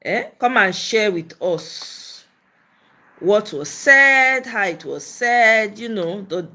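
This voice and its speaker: A Nigerian woman with a Pidgin-flecked accent runs a casual political livestream. She talks blunt and scolding, with a bright, forceful edge to her voice, and she sits a touch high in pitch. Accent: Nigerian, mixing Pidgin. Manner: blunt and scolding, switching between English and Pidgin. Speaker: political commentary livestream host. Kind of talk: casual live-stream commentary, reading and answering viewer comments.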